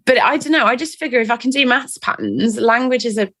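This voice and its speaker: A woman's voice: fairly high pitch, brisk, fairly bright tone. Chatty self-mocking woman. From England. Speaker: guest. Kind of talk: casual interview chat.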